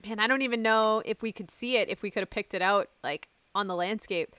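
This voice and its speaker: A woman hosting a casual podcast interview, upbeat and quick to laugh. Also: medium pitch, pushed and bright, clean tone, no room sound. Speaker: podcast host.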